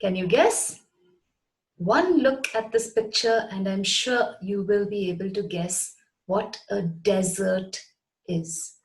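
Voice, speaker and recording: A woman gives a scripted lesson to her channel's viewers. She talks at an unhurried pace and spells words out letter by letter. Her pitch sits in a middle range. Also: low-quality recording. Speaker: English teacher.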